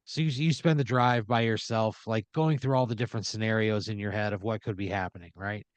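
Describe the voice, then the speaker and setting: A man's voice: lowish voice, fairly even intonation, fairly quick, dry recording. A man hosting a comedy podcast, narrating an improvised second-person story and peppering it with "you know" and "like". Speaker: podcast host.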